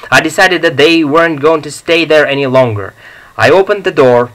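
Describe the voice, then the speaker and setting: A man narrating a comic story as an audiobook in a measured, deliberate reading. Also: a little high, fairly bright tone, poor audio.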